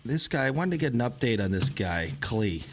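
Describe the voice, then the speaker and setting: Animated man, chatty podcast co-host. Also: mid-range voice, fairly quick, gravelly, a little hiss or hum. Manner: joking, talks with his mouth full. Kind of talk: casual group chat.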